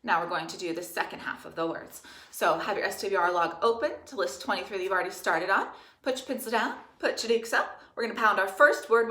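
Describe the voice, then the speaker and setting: A woman who teaches third grade, dictating spelling words slowly and clearly and spelling out each letter and syllable. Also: mid-range voice, pushed and bright. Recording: echoey room.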